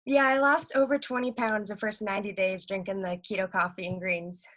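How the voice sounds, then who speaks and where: A woman talking eagerly and quickly about selling, in a casual video-call chat. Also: medium pitch. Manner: excited, rapid, gushing. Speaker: team member sharing sales tips.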